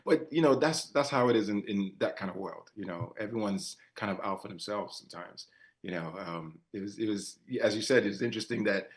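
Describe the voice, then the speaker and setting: A man who grew up in England and Nigeria, an actor talking about his villain role in a relaxed, soft-spoken way, often repeating words. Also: lowish voice, a little fast. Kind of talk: press junket interview.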